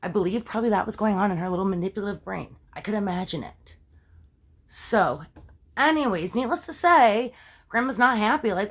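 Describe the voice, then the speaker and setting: A woman's voice: mid-range voice, expressive, fairly quick. A woman telling a true-crime story in a casual, chatty way, with lots of asides, fillers and questions to her viewers. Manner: talks straight to viewers with questions.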